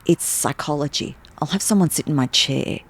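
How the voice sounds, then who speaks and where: A woman with an Australian accent, a stylist and make-up artist, telling stories in a casual interview and slipping into lively acted quotes. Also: low-pitched, normal speed. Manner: animated storyteller, jumps into acted quotes.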